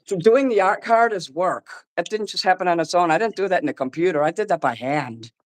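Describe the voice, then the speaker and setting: An artist rants angrily and profanely about a friend on a call-in show, repeating himself and talking over the other person in an agitated ramble. His high, expressive voice is brisk, and the recording quality is low.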